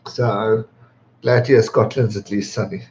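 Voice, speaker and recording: Speaking a little slowly in a lowish, steady, darkish voice, an English man in his twenties runs his birthday livestream, chatting casually and reading out viewer comments. He laughs often and swears freely. The slightly dull lo-fi stream audio carries a little hiss or hum.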